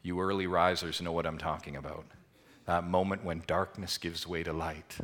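Man preaching in church, lowish voice, bright and forceful, rhetorical questions, swelling and dropping emphasis. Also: flat delivery, normal speed. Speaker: pastor. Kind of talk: sermon.

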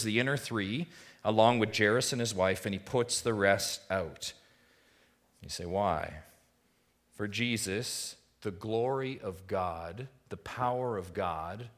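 A male pastor with a fairly low voice delivers a sermon. He swings from hushed, reflective passages to rising, emphatic appeals, pressing his listeners with repeated rhetorical questions.

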